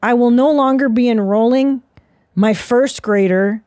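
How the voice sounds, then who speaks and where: A woman's voice: fairly high pitch, a little slow, darkish tone, dry recording, clean studio sound. A woman in her forties hosting a podcast, talking in a loose, profane, rambling and self-mocking way. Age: 40s. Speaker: podcast host. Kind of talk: casual solo monologue.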